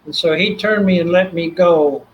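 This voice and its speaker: An older man from Texas with a Texan accent, a guest telling his story in an animated way and acting out the voices. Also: sits high, normal speed, highs cut off, a little hiss or hum. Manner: animated, acts out quoted voices. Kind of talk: storytelling interview.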